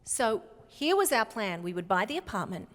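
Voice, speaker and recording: A middle-aged woman giving a motivational keynote talk in a large hall, speaking slowly and emphatically with clear enunciation. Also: medium pitch, big pitch swings, a bit bright. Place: large hall before a live audience. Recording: long hall reverb.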